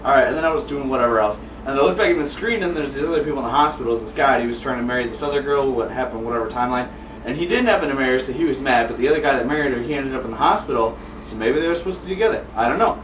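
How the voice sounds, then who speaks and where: A young man excitedly recapping an episode in a casual, rambling way, slipping into silly voices for the characters. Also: medium pitch, racing, slight background noise. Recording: echoey room, distant dull mic.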